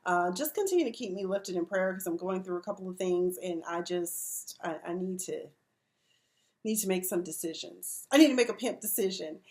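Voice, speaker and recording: A woman in her forties, emotional, recapping a TV episode in a chatty, expressive way with slang. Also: fairly low pitch, moderate pace. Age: 40s. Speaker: TV review vlogger.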